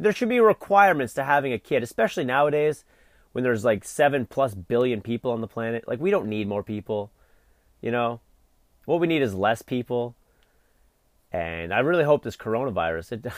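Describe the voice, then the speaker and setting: Animated, foul-mouthed ranting man. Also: medium pitch, dry recording, studio quality. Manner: profane, exasperated ranting with frequent fillers. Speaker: vlog host. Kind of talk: solo rant monologue.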